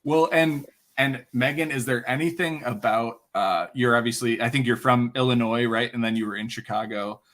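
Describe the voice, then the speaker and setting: Male host, playful, joking, casual chat, mid pitch. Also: a bit bright. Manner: joking, fast, playful hype.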